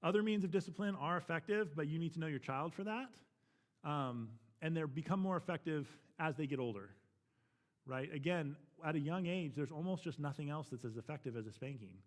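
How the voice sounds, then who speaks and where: A man's voice: fairly high pitch, a little fast. A man teaching a church parenting class, talking frankly and matter-of-factly, often checking in with "right?".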